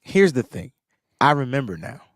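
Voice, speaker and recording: In relaxed podcast banter, a male co-host recounts a sports tale, his voice lifting higher whenever he gets worked up. He seems a little sick, talks at an ordinary pace, and the audio is studio-grade with no room noise.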